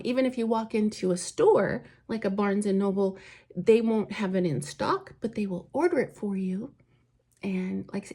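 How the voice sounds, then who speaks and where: A woman's voice: mid-range voice, warm tone. A woman author chatting casually to camera in a vlog, rambling and enthusiastic, with lots of fillers. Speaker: author and vlogger. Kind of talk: casual get-ready-with-me chat.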